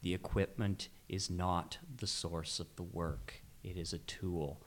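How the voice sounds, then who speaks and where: Middle-aged male guest with a deep voice, speaks firmly and plainly, casual tone. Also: steady tone, takes it slowly. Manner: firm, advice-giving. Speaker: guest photographer. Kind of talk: casual podcast conversation.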